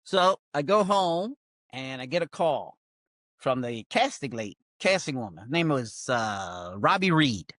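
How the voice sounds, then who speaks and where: An older male comedian telling a lively, self-mocking story in casual chat. He acts out quoted voices and fills gaps with "blah, blah, blah". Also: mid-range voice, a little slow, no room sound, clean studio sound. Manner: wry, self-mocking humor. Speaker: comedian guest.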